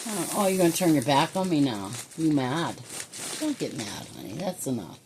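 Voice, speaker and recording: Indoors at home, a woman chats casually to her pet parrot in affectionate, coaxing baby talk, often chuckling. Her voice sits low and is a little mellow yet very animated, taken slowly with long pauses, and there's a little hiss or hum on the recording.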